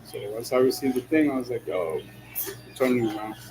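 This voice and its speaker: A man's voice: mid-range voice, lively intonation, fairly quick, darkish tone, a little hiss or hum, rough recording. A man in a casual monologue, slangy and full of "yo", laughing often as he talks while driving. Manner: slangy, peppered with "yo" and "you know what I'm saying"; laughs often between lines. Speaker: vlogger. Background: music.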